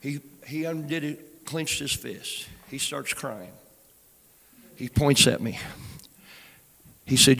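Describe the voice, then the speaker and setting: An older man preaching a sermon, moving between hushed storytelling and loud exhortation. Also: fairly high pitch, slow, vocal fry, pauses often. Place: large church sanctuary. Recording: long hall reverb with soft music behind.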